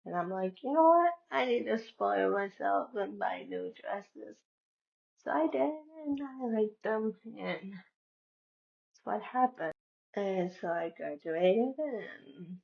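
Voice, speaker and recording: A woman vlogging casually, talking slowly and quoting what everyone said along the way. Her voice has a gravelly, creaky edge, and the sound is dull and lo-fi. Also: medium pitch. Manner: chatty, retells conversations with many "I'm like" quotes. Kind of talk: casual personal storytelling.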